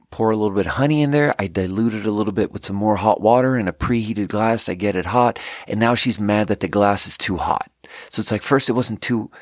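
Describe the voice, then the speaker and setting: A man's voice: on the low side, no room sound, clean studio sound. A man, a podcast host and restaurant server, casually telling a long exasperated story about difficult guests, swearing freely. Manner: profane, exasperated, animated retelling.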